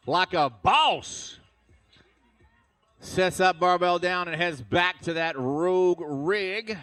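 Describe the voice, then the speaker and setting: A man's voice: high-pitched, slow, fairly bright tone. A man announcing a live arena fitness competition, hyped and cheering the athletes on. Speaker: event announcer. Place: large indoor arena.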